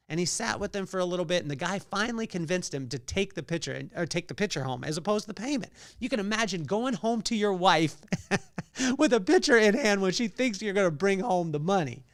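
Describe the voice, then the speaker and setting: A man's voice: fairly high pitch, a little fast, clear, resonant tone, dry recording, clean studio sound. A man hosting a solo podcast, telling a story with energy and acting out the quotes in other voices. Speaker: podcast host.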